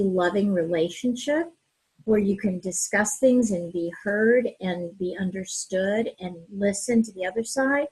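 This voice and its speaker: A woman co-hosting a relationship advice talk, speaking in a calm, gentle way. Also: mid-range voice, husky, low-quality recording. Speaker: relationship coach, co-host.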